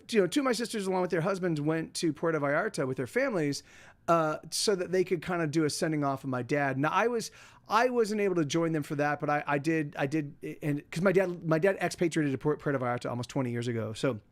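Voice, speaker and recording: Middle-aged male streamer, high voice, casual rambling chat from home, lots of restarts. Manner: rambling, many restarts and fillers. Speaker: livestream host. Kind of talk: casual chat to a live audience.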